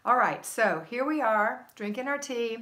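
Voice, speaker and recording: An older woman hosting a live stream, chatting casually and reading viewer comments aloud, upbeat, laughing often and adding quick asides. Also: fairly high pitch, animated, a bit bright. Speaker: livestream host.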